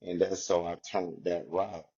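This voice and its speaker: A man's voice: sits low, level tone, measured pace, gravelly, warm tone, slightly rough, muffled recording. A man, a former inmate, speaks candidly and reflectively about his past, in a loose style filled with "you know" and "like". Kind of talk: candid personal storytelling.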